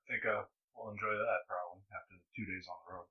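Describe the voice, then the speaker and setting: A man taking part as a player in a tabletop game, talking in a relaxed, joking way. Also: low voice, quick pace. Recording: muffled, distant mic.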